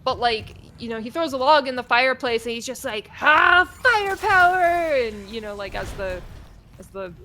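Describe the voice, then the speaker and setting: A woman's voice: fairly high pitch, fairly even intonation, brisk, fairly bright tone, slight background noise. A woman streamer casually retelling a story in a rambling way, with many fillers.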